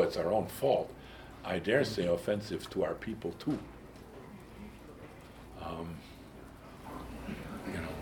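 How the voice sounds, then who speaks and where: A man's voice: on the low side, fairly bright tone, slight background noise. A man teaching a Bible study lecture, emphatic and digressive, breaking off for asides and restarts.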